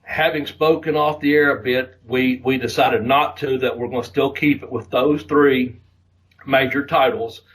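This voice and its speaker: A man co-hosting a podcast, ranting in a profane, animated way. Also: medium pitch, moderate pace, far from the mic, a little hiss or hum, low-quality recording. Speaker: podcast co-host. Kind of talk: casual podcast rant.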